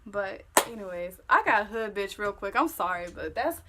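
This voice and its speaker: A young woman vlogger telling a story-time tale in casual, profane, animated talk that gets loud when she replays an argument. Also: medium pitch, moderate pace, noisy background.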